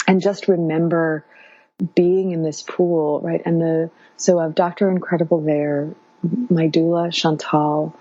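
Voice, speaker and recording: A woman guest telling her own story in a casual, halting way, with many fillers and restarts. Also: low voice, little pitch movement, dark tone, lo-fi sound.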